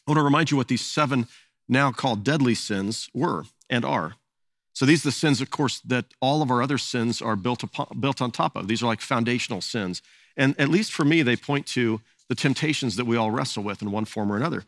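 A man's voice: medium pitch, dry recording. A man preaching a sermon as pastor, earnest and often repeating words as he searches for phrasing.

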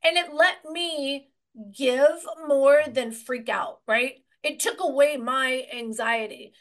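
Energetic rambling woman realtor. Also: high voice, slow. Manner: energetic and rambling, many restarts. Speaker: real estate agent, guest. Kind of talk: conversational storytelling interview.

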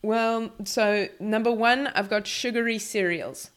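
A woman's voice: on the high side, unhurried, smooth. A woman hosting a casual podcast chat, enthusiastic and prone to repeating words and restarting. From South Africa. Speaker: podcast host.

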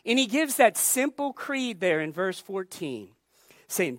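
A woman pastor preaching a sermon in a deliberate, emphatic way, repeating key phrases for weight. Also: fairly high pitch, animated, fairly bright tone, no room sound, studio quality.

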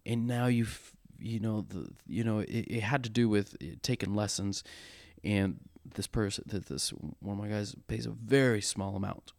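Man, 30s, worship leader type; candid and halting, lowish voice, dry close recording. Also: vocal fry, a little mellow, dry recording. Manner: earnest, halting with frequent restarts. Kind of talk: candid conversational storytelling.

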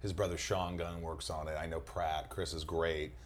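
A man, an actor and guest, in casual chat, telling animated stories. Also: low voice, normal speed, slight background noise. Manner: animated storyteller, slips into impressions.

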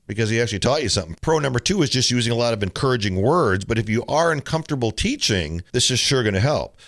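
A middle-aged man hosting a tennis coaching podcast, talking casually and telling stories with mimicked quotes. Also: medium pitch. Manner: relaxed storytelling with mimicked quotes. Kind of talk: casual solo podcast talk.

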